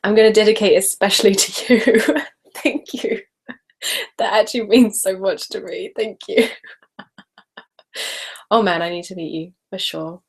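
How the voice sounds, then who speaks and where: An English woman from Essex hosts a relaxed live chat, reading out viewer questions and answering in a chatty, giggly way. Her voice now and then drops into a soft whisper. She sips wine as she goes. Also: mid-range voice. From Essex, England. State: sipping wine while talking. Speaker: ASMR creator hosting a live hangout.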